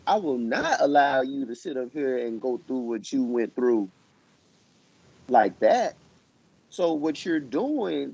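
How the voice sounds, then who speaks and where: A man in his thirties, a coach and teacher, delivering emphatic, sermon-like advice on a podcast. His voice is gravelly and husky, with a dark tone, and his pitch rises and falls a lot. The recording is dry and dull. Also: no room sound. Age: 30s. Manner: preachy, emphatic advice-giving. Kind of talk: casual podcast chat.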